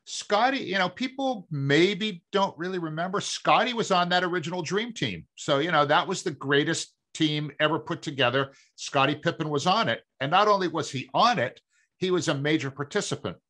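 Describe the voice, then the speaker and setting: A middle-aged man from Massachusetts, co-hosting a sports podcast in a measured, explaining way. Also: pushed and bright. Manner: measured, explaining, lower when reflective. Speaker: producer and co-host. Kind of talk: casual sports talk.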